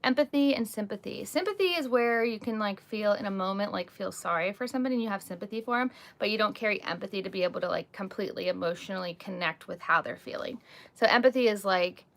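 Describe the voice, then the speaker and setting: Candid creaky-voiced woman streaming live. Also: mid-range voice, fast, fairly bright tone. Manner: candid, talks with many "like" and "um" fillers. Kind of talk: casual live chat answering comments. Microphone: phone or webcam, live stream.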